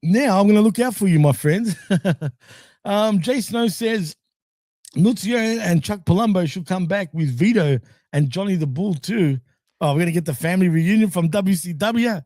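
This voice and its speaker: Male podcast co-host with a high voice and a dry close sound, loose, rambling wrestling chat. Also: animated, moderate pace, darkish tone, dry recording. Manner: laughs often, loose and rambling. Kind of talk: casual wrestling recap chat.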